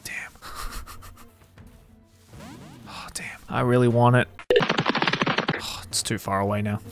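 A man streaming a video game live, commenting excitedly with lots of slang and swearing. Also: mid-range voice, takes it slowly, whispered, over music.

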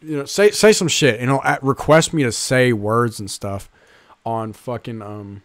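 A man's voice: medium pitch, a little slow, dry recording, clean studio sound. A young man co-hosting a podcast, telling rambling stories in casual chat, swearing freely and mimicking accents. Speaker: podcast co-host.

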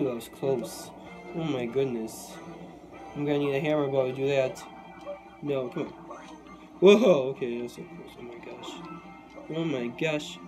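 Young guy gaming commentary, slow drawn out talk, keeps getting mad at the game, music in the back. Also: on the high side. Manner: excitable, frustrated outbursts at the game. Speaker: gaming YouTuber. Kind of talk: live gameplay commentary.

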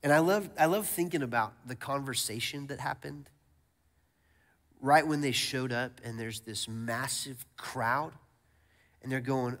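Man, pastor, lively sermon, stammering repeats, calls to the crowd, long hall reverb. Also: medium pitch, unhurried. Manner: energetic, repeats words, calls out to the congregation.

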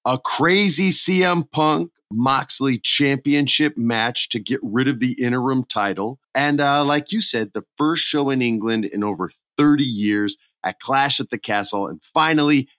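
A man hosts a casual podcast, telling stories in an enthusiastic, conversational way. His voice is mid-pitched, recorded close and dry with no room sound. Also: lively intonation, measured pace, few pauses, a bit bright, no echo. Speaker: podcast host. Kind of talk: casual chat.

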